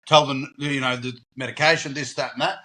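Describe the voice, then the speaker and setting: A man's voice: mid-range voice, steady tone, fairly quick, pushed and bright. A man hosting a podcast, chatting casually and laughing often. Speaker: podcast host. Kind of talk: casual chat.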